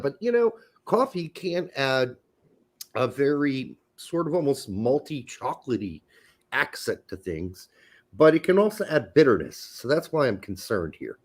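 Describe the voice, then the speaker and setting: A man's voice: a little high, sing-song, moderate pace. A man co-hosting a casual podcast, joking and swearing while drinking beer and talking cooking. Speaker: podcast co-host.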